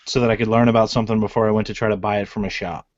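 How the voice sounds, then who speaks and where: A man's voice: lowish voice, level tone, very fast, no room sound, highs cut off. A man co-hosting a casual online show, speaking with easy enthusiasm and a friendly, buddy-like manner. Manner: enthusiastic, calls people dude. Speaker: co-host. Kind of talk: casual chat.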